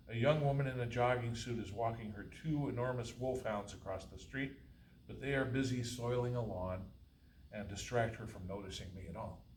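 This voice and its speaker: Male author reading his own fiction live; dry, wry; roomy hall, heard from a distant camera with faint hiss. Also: mid-range voice. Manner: dry, wry delivery with occasional chuckles. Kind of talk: live reading of a first-person novel. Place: college faculty reading room.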